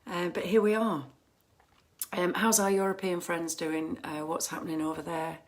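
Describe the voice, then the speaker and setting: A woman's voice: lowish voice, level tone, normal speed. A woman hosting a casual fan livestream from home on her phone camera, chatty and rambling with lots of ums and restarts.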